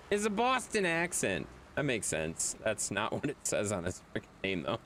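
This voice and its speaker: A man's voice: on the low side, wildly swooping pitch, moderate pace, fairly bright tone, a little hiss or hum. A man streaming a video game, chatting casually with viewers, reading their chat aloud and laughing often.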